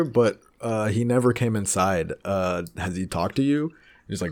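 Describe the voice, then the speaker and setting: Low-voiced man telling a story. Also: fast. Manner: animated storyteller, laughs often, swears freely. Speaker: podcast co-host. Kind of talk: casual chat.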